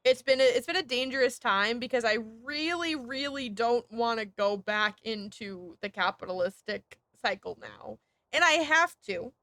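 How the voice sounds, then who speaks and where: Woman streamer: high, sharp voice, animated and sweary rants, dry close sound. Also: unhurried, dry recording. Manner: animated, heated and sweary, with laughing asides. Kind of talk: casual ranting chat while gaming.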